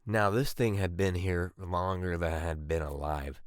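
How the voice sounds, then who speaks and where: A man in his twenties tells crude, self-mocking storytime anecdotes for an animation, with sudden loud bursts. His voice sits a little low and sounds smooth and resonant. The recording is close and dry, with no room sound. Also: steady tone, moderate pace, no room sound. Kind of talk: comedic storytime narration.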